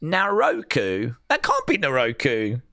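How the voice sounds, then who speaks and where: A man's voice: a little high, expressive, a little slow, a bit bright, no echo, clean studio sound. A man hosting a live watch-along stream, chatting casually and joking in rambling asides.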